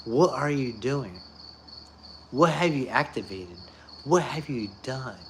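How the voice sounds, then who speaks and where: A man's voice: mid-range voice, expressive, slow, fairly bright tone, slight background noise. A man talking straight to his viewers in an off-the-cuff monologue, blunt and profane, repeating himself for emphasis. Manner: blunt, profane, repetitive ranting. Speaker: YouTuber.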